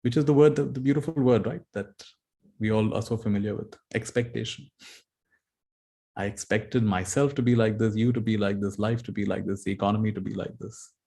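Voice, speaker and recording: Gentle meditation teacher. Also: male voice, fairly low pitch, fairly even intonation, brisk, creaky. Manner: gentle storytelling, repeats key phrases. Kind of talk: dharma talk.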